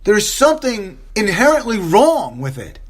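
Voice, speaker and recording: Man, podcast host, upset, impassioned rant, repeats himself, high voice. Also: wildly swooping pitch, moderate pace. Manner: impassioned, repeats phrases for emphasis, stammering restarts. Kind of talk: solo opinion podcast monologue.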